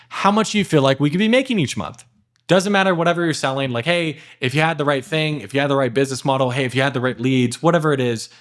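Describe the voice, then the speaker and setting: A man giving a casual, energetic sales lesson at his computer, talking fast with lots of fillers and acting out sales calls. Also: mid-range voice. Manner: energetic, emphatic, acts out sales dialogue with many "like" and "okay" fillers. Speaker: sales trainer. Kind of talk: casual instructional talk to camera.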